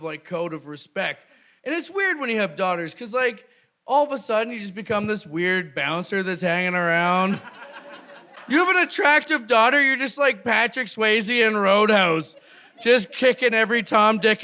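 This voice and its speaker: A Canadian man doing a stand-up comedy set, animated and breaking into loud shouted bits. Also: high-pitched, clear, resonant tone. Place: live comedy venue with audience.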